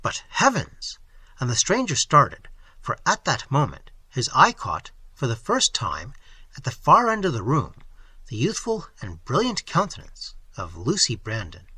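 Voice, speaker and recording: A man reading an audiobook with expressive, measured storytelling. His pitch swings widely as he moves through the scene, and his bright voice has a faintly husky edge. The recording is close and dry. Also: no room sound. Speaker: audiobook reader. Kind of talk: audiobook narration.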